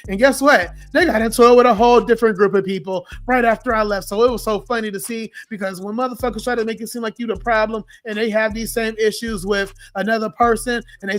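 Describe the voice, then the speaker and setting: A man in his twenties with a hoarse, worn-out voice from a sore throat, telling a story in an animated, profane, ranting way. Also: high voice. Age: 20s. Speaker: social media host. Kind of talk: casual storytime rant.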